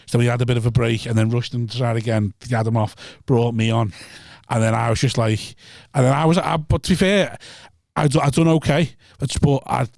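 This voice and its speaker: A man's voice: medium pitch, fairly even intonation, fairly quick, creaky, hardly any pauses, a little mellow, no room sound. Guy rambling through a sweary gig story, dry close sound. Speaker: stand-up comedian. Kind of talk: casual podcast chat.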